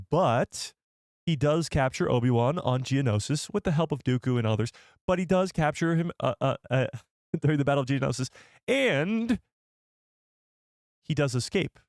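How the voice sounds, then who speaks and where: A man's voice: mid-range voice, a little mellow, no room sound, studio quality. A man casually hosting a live stream, chatty and rambling, often correcting himself mid-sentence. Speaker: host of a live show.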